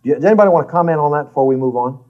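A man's voice: on the high side, lively intonation, very fast, dull audio. Earnest man teaching a Bible class. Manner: earnest, emphatic, folksy.

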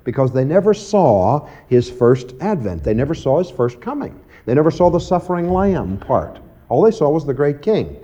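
A man preaching in a folksy, conversational manner with a lively, swooping pitch. His tone is warm and somewhat higher than most men's, and he keeps checking in with "you see" and "okay." The recording sounds muffled and lo-fi. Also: moderate pace. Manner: animated, acts out quoted voices with big pitch jumps. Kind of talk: evening Bible teaching.

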